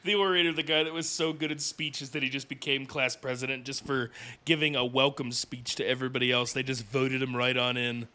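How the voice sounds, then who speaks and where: A man co-hosting a casual anime review podcast, animated and exasperated, laughing often as he complains about scenes. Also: mid-range voice, a little fast. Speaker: podcast co-host.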